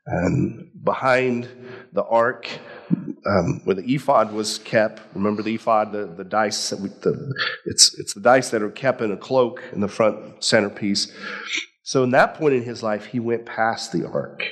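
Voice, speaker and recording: A man preaching a sermon in a conversational, animated way, acting out quotes as he goes. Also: fairly low pitch, unhurried. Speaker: pastor.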